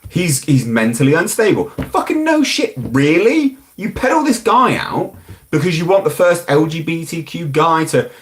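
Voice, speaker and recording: Animated and at a moderate pace, this UK streamer speaks with a voice on the high side. He chats frankly and bluntly, rambling as he responds to comments from viewers.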